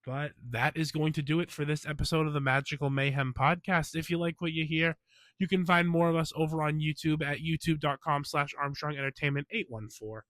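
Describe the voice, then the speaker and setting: A man's voice: fairly high pitch, fairly even intonation, fairly quick, fairly bright tone, dry recording. A man hosting a podcast in a casual, opinionated monologue, sounding stuffy from a cold and throwing in emphatic asides. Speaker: podcast host.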